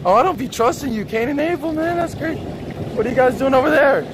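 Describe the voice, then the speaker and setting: A man's voice: very high-pitched, expressive, brisk. A young man livestreaming outdoors on a city street, brash and crude as he teases strangers. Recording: loud street and traffic noise.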